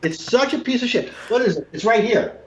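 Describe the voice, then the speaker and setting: A man in casual conversation from his apartment, talking emphatically, swinging between low mutters and raised, swearing outbursts. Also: expressive, a little fast, fairly bright tone, a little hiss or hum. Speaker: guest. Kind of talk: casual video call conversation. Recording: roomy, dull lo-fi sound.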